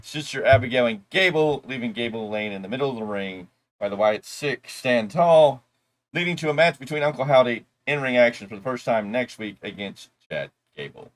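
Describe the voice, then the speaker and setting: A man's voice: medium pitch, lively intonation, moderate pace. Casual man recapping wrestling. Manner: rambling, loose asides and mocking imitations. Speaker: wrestling show reviewer, co-host.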